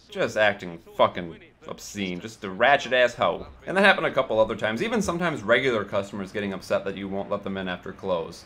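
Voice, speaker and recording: A man's voice: on the low side, sharp tone, slight background noise. A man casually telling a story from his time as a liquor store clerk, sarcastic and profane.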